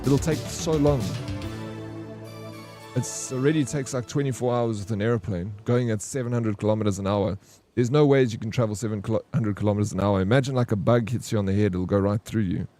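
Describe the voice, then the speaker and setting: A young man, chatting casually and excitably with his stream viewers, rambling between topics. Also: fairly low pitch, a little fast, soft background music. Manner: rambling, excitable, says bro a lot. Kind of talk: casual chat with live chat.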